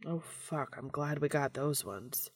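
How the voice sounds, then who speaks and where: A woman's voice: low-pitched, normal speed, no echo, studio quality, lightly acted. A woman reading aloud, voicing a plainspoken man who talks in a casual, wisecracking way.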